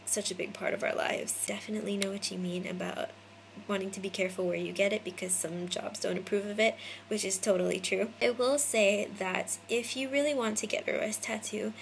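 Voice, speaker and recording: A woman's voice: mid-range voice, creaky, slight background noise, poor audio. A young American woman in her twenties from Hawaii, chatting casually to viewers by name into a phone camera indoors. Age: 20s. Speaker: vlogger.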